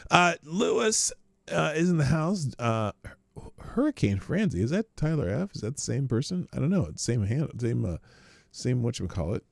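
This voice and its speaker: A man's voice: big pitch swings, normal speed, gravelly, dry recording, studio quality. A middle-aged man from Omaha hosting a casual livestream, chatting in a rambling, offhand way and swearing now and then. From Omaha, Nebraska. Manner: rambling, chatty, swears casually, jumps between high and low pitch. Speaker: livestream host. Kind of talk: casual live-stream chat.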